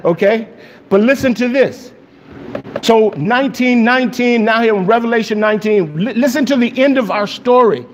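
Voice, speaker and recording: A man preaching a sermon, excited and emphatic, often asking his listeners questions. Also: very high-pitched, moderate pace. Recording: long echo of a hall, faint noise.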